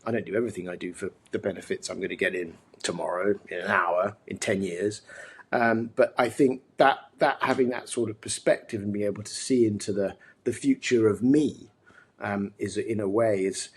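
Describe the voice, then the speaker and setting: A man's voice: on the low side, slightly rough. A man with a posh English accent, a podcast guest talking earnestly and reflectively, often restarting his sentences. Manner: thoughtful, many restarts and fillers, earnest. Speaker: podcast guest, mental health advocate. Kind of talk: reflective conversational interview.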